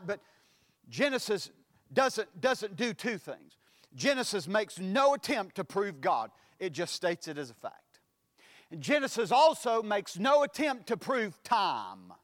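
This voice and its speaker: Preacher man in a church, high voice, swings up and down a lot, booming bits, reverby hall sound. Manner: preaching cadence with sudden loud emphatic swells. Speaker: pastor. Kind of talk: sermon.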